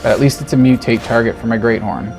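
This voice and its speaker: A man giving casual, animated commentary on his own card game, talking to himself and joking through his frustration. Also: medium pitch, quick pace, gravelly, music in the background. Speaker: game streamer. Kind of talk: gameplay commentary.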